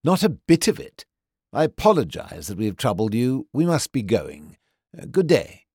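A man voicing a cool, clipped gentleman detective who speaks curtly and reprovingly. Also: mid-range voice, wildly swooping pitch, slightly rough, dry recording, clean studio sound, full character voice. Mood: polite brush-off. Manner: curt, brisk and reproving.

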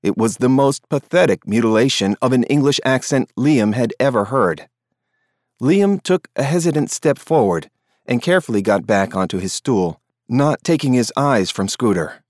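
In a dry, studio-quality recording, a mid-range male voice reads scripted audiobook narration. His storytelling stays even and measured throughout.

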